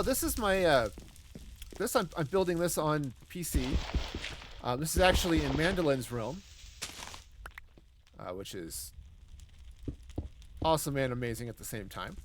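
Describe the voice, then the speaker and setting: A man's voice: on the high side, fairly bright tone, slight background noise. A man streaming a building game, rambling and joking as he talks to himself and greets his chat. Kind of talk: casual live gameplay commentary.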